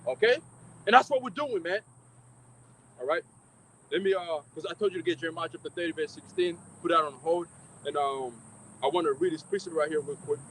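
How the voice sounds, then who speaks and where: A man preaching loudly and emphatically, swearing freely and mocking his critics between scripture readings. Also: on the high side, brisk, long pauses, slight background noise, low-quality recording. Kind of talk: fiery street-style preaching.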